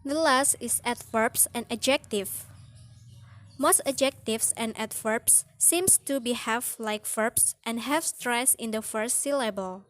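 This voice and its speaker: A young woman student giving a class presentation, reading carefully and slowly, pausing on example words. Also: on the high side, fairly bright tone. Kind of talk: read-aloud class presentation.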